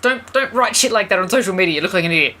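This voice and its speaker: A woman's voice: medium pitch, lively intonation, very fast, pushed and bright, slight background noise. A woman co-hosting a podcast, chatting bluntly about films and swearing casually. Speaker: podcast co-host. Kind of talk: casual film review chat.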